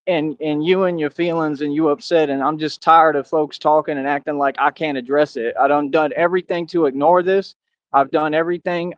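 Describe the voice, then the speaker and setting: An adult man hosting his own online show delivers a casual ranting monologue in a slightly high voice, confronting his critics and repeatedly dropping "right?" after his points. The lo-fi audio is dull and dry, with no room sound.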